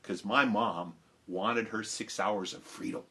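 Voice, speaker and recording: A man telling a story with big swings from loud to hushed. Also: on the low side, fairly even intonation, unhurried, gravelly, slightly rough. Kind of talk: animated storytelling. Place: home, live stream.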